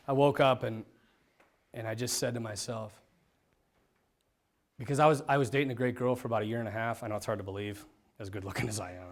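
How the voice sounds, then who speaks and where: A priest giving a personal testimony to a group, animated and self-mocking. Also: male voice, medium pitch. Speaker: priest, vocation director.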